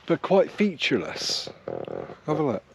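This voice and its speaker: A man's voice: a little high, big pitch swings, measured pace, slight background noise. Easygoing man hiking the moors. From South West England. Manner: chatty, rambling, easygoing, talks to camera while hiking. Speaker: wild camping vlogger. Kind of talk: casual walking vlog commentary. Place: outdoors on open moorland. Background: faint outdoor ambience.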